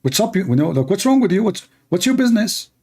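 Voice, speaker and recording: A man doing a short Saudi man snapping back in a Saudi Arabic accent. The voice sits high and jumps up sharply. The tone is indignant and defensive. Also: animated, fairly quick, gravelly, slightly rough, exaggerated voice.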